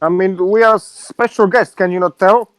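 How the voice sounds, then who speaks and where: Sarcastic male player, high pitched, dry sound. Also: steady tone, normal speed, a bit bright, clean tone, no echo. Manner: cheeky, sarcastic.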